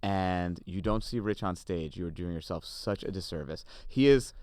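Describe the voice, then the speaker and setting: A male podcast host talks in a smooth, resonant, fairly low voice. He jokes and heaps on praise in casual studio chat. The sound is dry and close-miked. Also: normal speed, a little mellow, no room sound. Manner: effusive, joking.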